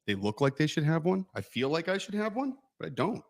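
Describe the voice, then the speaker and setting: A man's voice: fairly high pitch, big pitch swings, fairly quick. A man co-hosting a casual chat, telling wry anecdotes. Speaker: co-owner and co-host.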